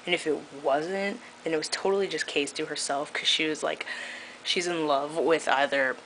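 Chatty young woman with a low, bright voice. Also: steady tone, normal speed, a little hiss or hum, rough recording. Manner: chatty, filler-heavy, laughs often, sarcastic. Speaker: vlogger. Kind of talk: casual vlog rant.

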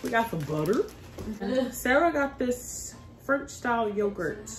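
A woman's voice: fairly high pitch, big pitch swings, unhurried. A woman casually chatting through a grocery haul, laughing easily and drawing out product names. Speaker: vlogger. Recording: echoey room with noise.

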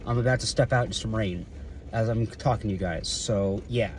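Speaking at normal speed in a lowish, slightly mellow voice, the security guard vlogger chews on food as he talks from around his car. Slight background noise sits under his rambling, which is full of fillers, false starts, and offhand cursing.

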